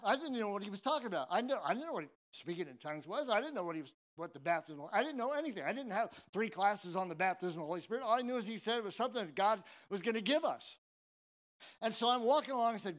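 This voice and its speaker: A man's voice: high-pitched, lively intonation, quick pace, a bit bright. A man from San Jose, California, preaching a sermon and telling a personal story with humor and many restarts. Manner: humorous, tongue-in-cheek storytelling; conversational, with frequent restarts.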